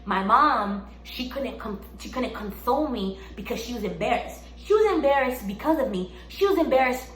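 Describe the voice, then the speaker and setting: A young woman telling a storytime testimony in an animated way, repeating phrases and rising into exclamations. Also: fairly high pitch, moderate pace, hardly any pauses. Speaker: vlogger. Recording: echoey room, faint background hum.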